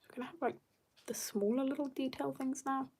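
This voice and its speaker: A woman's voice: high-pitched, fairly even intonation, brisk, darkish tone, slightly rough. A young woman chatting casually while drawing on a livestream, bubbly and joking as she reads viewer comments. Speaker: art livestreamer.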